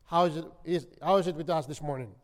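A man preaching a sermon, telling a story dramatically and swinging from loud to hushed. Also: a little high, quick pace. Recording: long reverb of a hall.

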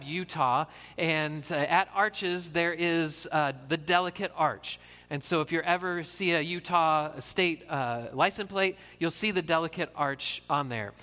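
A man's voice: fairly high pitch, pushed and bright, in a large hall. A man who is a pastor, giving an earnest, conversational sermon with frequent fillers.

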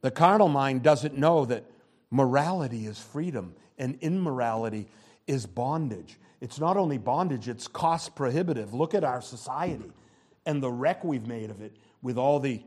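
A man preaching a sermon, swinging between loud, rising exhortation and low, quiet asides.

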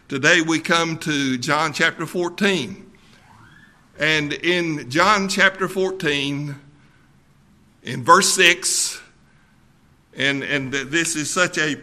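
Male pastor, sermon delivery; slow, deliberate, bright and forceful tone, emphatic repeats. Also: fairly high pitch.

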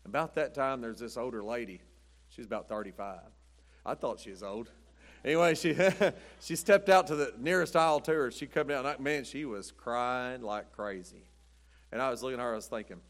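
A man's voice: mid-range voice, moderate pace. A man preaching a sermon in a folksy, rambling storytelling way, chuckling often. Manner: rambling, chuckling, says "but anyway" often.

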